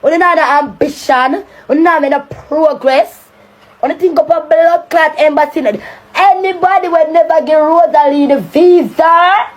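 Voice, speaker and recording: A woman's voice: high voice, fairly even intonation, normal speed. A woman with a Jamaican accent delivering a heated, taunting rant on a live stream, cursing often.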